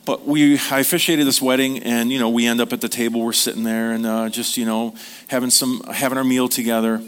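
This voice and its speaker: A man's voice: medium pitch, level tone, fairly quick, fairly bright tone, smooth. A middle-aged man preaching a sermon as a pastor, in a conversational, joking way, asking the congregation questions.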